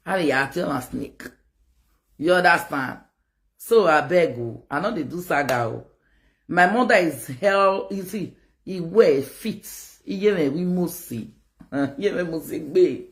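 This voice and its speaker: A Nigerian woman with a Nigerian accent, ranting to her viewers in a rambling, animated way and mixing pidgin with local-language phrases. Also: fairly low pitch, normal speed. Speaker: online video host. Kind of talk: casual rant to camera.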